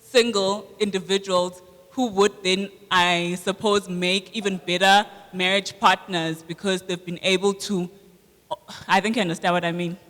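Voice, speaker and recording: A man's voice: high voice, little pitch movement, moderate pace, a bit bright. A man in the audience asking the pastor a question at a live congress, polite and hesitant as he searches for words. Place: large congress hall. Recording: long hall reverb from a live congress.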